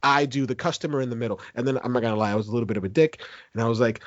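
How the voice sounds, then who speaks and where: A man co-hosting a podcast and telling a long gripe in casual chat, animated and profane, acting out what he said. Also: medium pitch, rapid-fire, dry recording. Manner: animated, profane, acts out his own quotes. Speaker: podcast co-host. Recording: dull lo-fi podcast recording.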